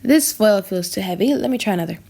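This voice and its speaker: A woman's voice: mid-range voice, lively intonation, fast talker, creaky, dark tone, husky. A woman reading the lines of a vengeful young nobleman in an audiobook drama, urgent and confessing. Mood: grim.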